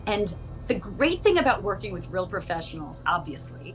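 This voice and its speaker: Animated actress telling stories. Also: female voice, medium pitch, normal speed, over music, rough recording. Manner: animated storyteller who laughs often and acts out voices. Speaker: actress and interview guest. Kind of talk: casual interview chat.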